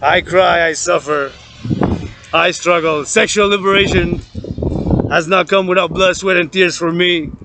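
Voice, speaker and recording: A man from Canada giving a loud, profane, rambling rant, chanting and repeating words. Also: high-pitched, fairly even intonation, a little slow, noisy background. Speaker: vlogger.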